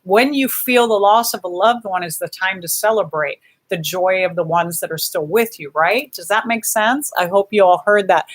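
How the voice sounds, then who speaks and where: A woman hosts a casual live stream, chatting directly with her viewers. She reads out their comments and answers them in a gently encouraging way. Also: medium pitch, moderate pace, few pauses.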